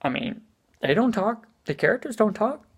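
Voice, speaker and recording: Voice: mid-range voice, big pitch swings, moderate pace, husky. A speaker giving a casual spoken movie review as an exasperated rant, full of "you know" and swearing.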